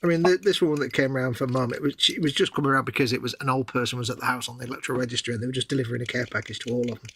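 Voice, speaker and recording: A man who talks quickly and jokes as co-host of a live stream. His voice is gravelly, and the recording has clear noise behind him. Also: mid-range voice, fairly even intonation. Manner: quick, chatty, fond of joking. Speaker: livestream co-host. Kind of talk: casual chat.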